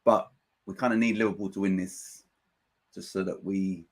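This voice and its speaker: A man hosting a live football watchalong, commenting on play and reading out viewers' chat messages in an excitable, chatty way. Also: deep voice, normal speed. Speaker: watchalong host.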